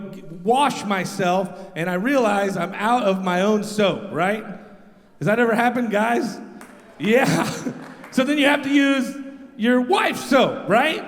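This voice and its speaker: A man with a high voice works the crowd loudly in rambling stand-up, shouting out to the audience between stories. The long reverb of a big live hall trails every line. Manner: loud, crowd-rousing, rambling. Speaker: radio show host doing stand-up. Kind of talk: stand-up comedy. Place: live stage in a large venue.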